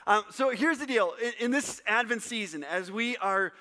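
A man from Wisconsin, a pastor preaching a casual sermon to a live congregation, joking and telling stories in an animated way. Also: high voice, moderate pace. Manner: jokey, animated, teasing the congregation. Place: church service before a live congregation.

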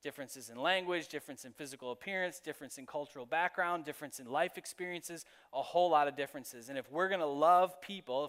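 A man's voice: on the high side, a bit bright, smooth, in a large hall. A man giving a sermon as pastor, speaking in a conversational, personal storytelling manner.

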